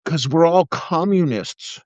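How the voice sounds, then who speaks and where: A man's voice: fairly high pitch, slow, darkish tone, dry recording. A middle-aged man and former police officer hosting a live video, delivering a profane, sarcastic political rant. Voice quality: profane, sarcastic, mocking put-on voices. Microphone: phone or webcam on a live video. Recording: dull dry sound.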